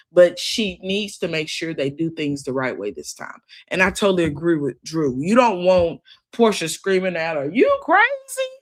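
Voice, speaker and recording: A woman hosting a casual recap of a reality TV episode, chatty and opinionated, often calling her listeners "child" and "girl.". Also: fairly low pitch.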